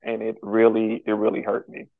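Halting man on a tinny line. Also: fairly low pitch, monotone, gravelly, no room sound. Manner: halting and earnest, many pauses and restarts. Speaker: podcast guest. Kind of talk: candid personal conversation. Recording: tinny phone-like line, dry.

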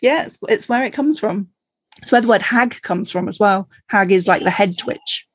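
A chatty woman hosting a podcast, from Cornwall, talking in a loose conversational way with frequent laughs. Her voice is a little husky and the sound is dry and close. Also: mid-range voice, moderate pace, no echo. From Cornwall, England. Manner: chatty, laughs often, many fillers. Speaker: podcast host. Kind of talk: casual conversational interview.

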